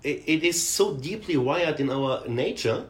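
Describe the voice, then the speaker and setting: A man talking as a guest about working with athletes, hesitant and halting, often trailing off softly. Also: a little high, animated. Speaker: guest who works with athletes. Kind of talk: casual conversation. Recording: echoey room.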